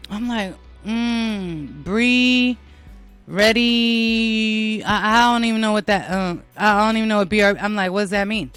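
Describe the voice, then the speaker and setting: A woman's voice: mid-range voice, a little slow, fairly bright tone, clean tone, soft background music. An American woman hosting her own show, talking casually to listeners in a blunt, profane and self-mocking way. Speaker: podcast host.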